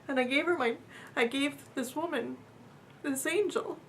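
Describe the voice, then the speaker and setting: A woman earnestly telling a personal story in a casual, halting way, with fillers and repeats, her voice sometimes dropping to a near whisper. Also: high-pitched, fairly bright tone, a little hiss or hum.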